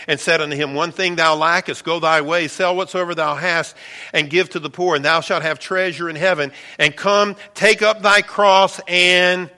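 A man preaching a sermon as pastor, earnest, rising for emphasis and dropping to quiet, low phrases.

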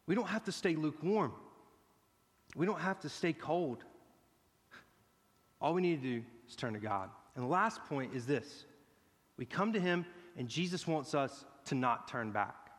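A man preaching a sermon, his voice sitting a little higher than most men's. He talks earnestly and warms into excitement. A long hall reverb trails each phrase. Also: unhurried, long pauses. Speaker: guest pastor.

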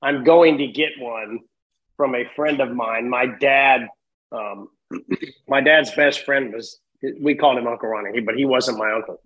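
A middle-aged man telling animated stories as a podcast guest, laughing often. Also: mid-range voice, unhurried, highs cut off. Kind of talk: casual storytelling.

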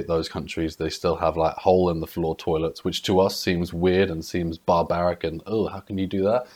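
A young man talks through his solo podcast in a deep, low voice. He is chatty and loose, throwing in slang and swearing freely. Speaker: podcast host. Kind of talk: casual solo podcast talk.

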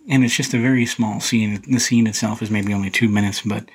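A man hosting a podcast, casually talking through a film in a relaxed, rambling way with many fillers and restarts. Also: lowish voice, slightly rough, low-quality recording. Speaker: podcast host reviewing a film. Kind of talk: casual solo film commentary.

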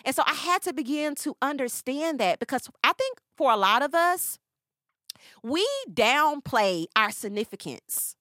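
A woman delivers an inspirational podcast talk with faith woven through it, her voice high and bright. Her pitch swings widely as she repeats lines for emphasis and talks straight to the listener. The recording is dry, with no room sound. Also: expressive, measured pace, dry recording. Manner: preacherly, repeats phrases, speaks straight to listeners. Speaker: podcast host.

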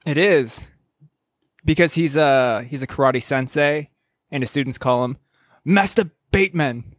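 A man's voice: medium pitch, unhurried. A man co-hosting a podcast in casual banter, telling jokey stories and swearing casually. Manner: joking, storytelling, swears casually. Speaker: podcast co-host.

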